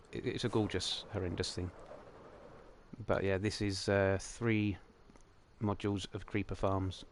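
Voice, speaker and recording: A man's voice: on the low side, slight background noise. A young man hosting a game livestream, talking through it in a chatty, jokey, rambling way. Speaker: livestream host. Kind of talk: casual game commentary.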